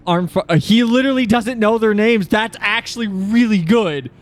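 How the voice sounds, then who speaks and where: A man's voice: high-pitched, normal speed, few pauses, soft background music. A man streaming a game, reacting casually, joking, laughing and swearing.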